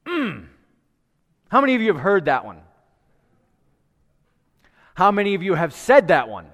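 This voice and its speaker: A man's voice: high-pitched, big pitch swings, moderate pace, a bit bright, big-room sound. A male pastor preaching to a live congregation in a church, praying, telling a story and asking the people questions in a conversational way. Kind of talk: sermon with prayer and storytelling.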